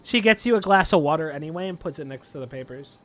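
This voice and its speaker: A man's voice: fairly high pitch, lively intonation, quick pace. A man narrating a tabletop game as game master, rambling with lots of fillers.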